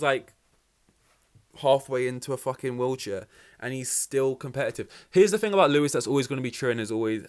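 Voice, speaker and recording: Excitable young man podcast host. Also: medium pitch. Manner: excitable, rambling, swears freely. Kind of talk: casual race reaction commentary.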